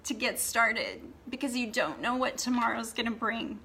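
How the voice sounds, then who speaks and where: A woman's voice: a little high, lively intonation, moderate pace, sharp tone, slight background noise. A woman hosting a blogging course gives an earnest motivational talk to the camera and often adds "okay?" for emphasis. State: tearful, emotional.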